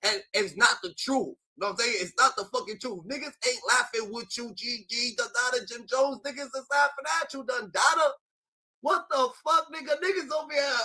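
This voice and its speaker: A man giving ranting commentary, animated and profane, packed with filler sounds. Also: very high-pitched, normal speed, breathy edge, rough recording.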